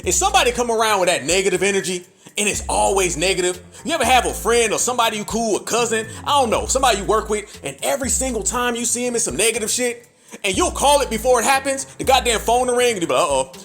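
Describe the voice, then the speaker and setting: Male podcast host, high and animated, punchy sermon-style cadence, salty language, faint music bed. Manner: emphatic, preacher-like cadence with profanity; mimics other voices in quick asides. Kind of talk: animated commentary monologue.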